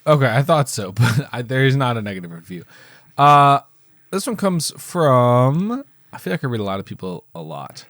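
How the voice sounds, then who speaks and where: Podcast co-host, male, playful and hesitant, lively pitch, dry close sound. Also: fast talker, no room sound. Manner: animated, hesitant with many fillers, playful. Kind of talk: casual movie chat.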